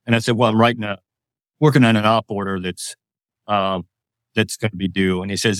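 A man's voice: fairly low pitch, level tone, brisk, pauses often, no echo, clean studio sound. A man in his sixties, a retired army officer, telling leadership stories as a guest in an interview in a plainspoken, firm way. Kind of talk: interview storytelling.

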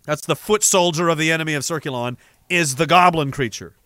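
A man rambles through viewer messages on his livestream, sardonic and quick to swear. His voice sits a little high for a man and has a bright, forceful edge. The sound is dry and close, with no room around it. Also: dry recording. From Canada. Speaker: livestream host. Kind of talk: casual livestream chat reading viewer messages.

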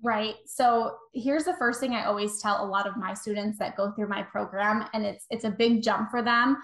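A woman in her thirties, a virtual assistant coach appearing as a guest on a casual podcast interview, speaks in a mid-range, steady, slightly bright voice at a moderate pace. She offers chatty, encouraging advice and acts out little quoted exchanges, recorded in an echoey room.

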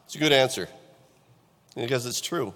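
A man's voice: mid-range voice, moderate pace, fairly bright tone, big-room sound. A middle-aged male pastor delivering a sermon in a conversational way, asking the congregation questions. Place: church.

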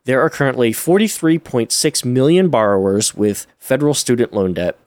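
A man's voice: medium pitch, animated, normal speed, a little mellow, no echo. A man in his thirties co-hosting a casual podcast, wry and self-mocking while he explains things at length. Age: 30s. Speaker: podcast co-host.

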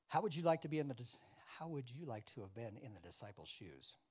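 A man's voice: mid-range voice, fast talker, breathy edge. Guy preaching a sermon, voice swings all over, acts out the dialogue, keeps asking the crowd stuff. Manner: animated, acts out biblical dialogue with wide swings in loudness; addresses the congregation with questions and asides. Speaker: pastor.

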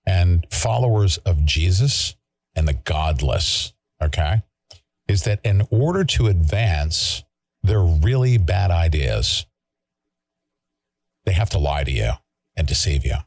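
Deep-voiced man ranting, lively pitch swings. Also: slow, vocal fry, dry recording. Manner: emphatic, preachy, repeats himself and swears mildly. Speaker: show host. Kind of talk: heated talk-show commentary.

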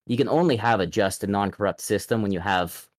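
Low-voiced man calling in. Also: dry recording, studio quality. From Texas. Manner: measured, hesitant with fillers. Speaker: caller, prosecutor. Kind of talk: casual call-in chat.

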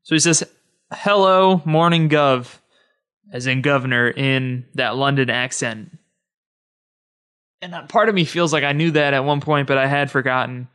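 A man's voice: medium pitch, steady tone, moderate pace, bright, forceful tone, clean tone. A man hosting a podcast alone, talking to listeners in a chatty, easygoing way. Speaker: podcast host. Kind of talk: casual solo podcast monologue.

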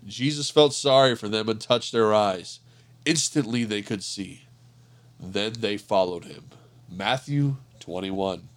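A man reading a Bible passage aloud in a measured, earnest narrating voice. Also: fairly low pitch. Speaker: scripture reader. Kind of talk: scripture reading.

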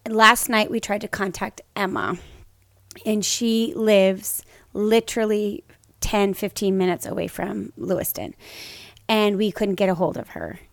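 A woman's voice: medium pitch, a little slow, vocal fry. A middle-aged woman co-hosting a podcast, telling an emotional personal story with many restarts. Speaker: podcast co-host. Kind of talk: casual chat, personal story.

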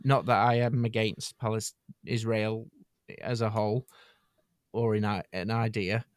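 A man's voice: fairly low pitch, flat delivery, measured pace, clear, resonant tone, no echo, studio quality. A man rambling and hesitating through a casual comedy podcast chat. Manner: rambling, hesitant, tangent-prone. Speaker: podcast co-host.

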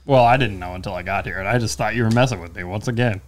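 A man's voice: fairly low pitch, rapid-fire. A man co-hosting a casual podcast chat, telling stories with lots of acted-out quotes. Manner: animated storyteller, acts out quotes. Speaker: co-host.

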